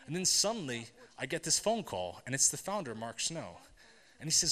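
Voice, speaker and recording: A man's voice: mid-range voice, big pitch swings, normal speed, fairly bright tone. A man giving a storytelling talk at a tech event, speaking conversationally, asking the audience questions and often checking in with "right?". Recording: long hall reverb.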